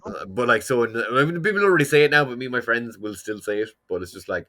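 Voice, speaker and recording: A man's voice: medium pitch, expressive, fast, bright, forceful tone. Rambling Irish man with a Mayo accent. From Ireland. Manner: rambling, meandering storyteller. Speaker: podcast co-host. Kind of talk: casual chat.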